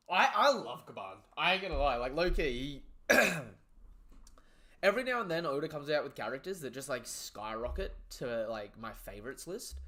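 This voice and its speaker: A man giving excited, profanity-laden live commentary while reading through a comic chapter and chatting to viewers. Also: mid-range voice. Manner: excitable, swears freely; reads the panels aloud as he goes. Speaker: live reaction streamer. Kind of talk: casual live reaction commentary.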